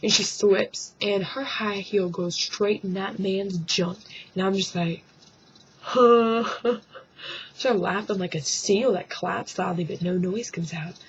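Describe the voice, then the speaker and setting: A woman's voice: mid-range voice, fairly even intonation, measured pace, a little hiss or hum. A woman vlogging to her webcam at home, rambling through a joking rant and dropping into mock voices and whispered asides. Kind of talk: casual comic rant to camera. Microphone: webcam microphone. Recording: dull lo-fi webcam sound.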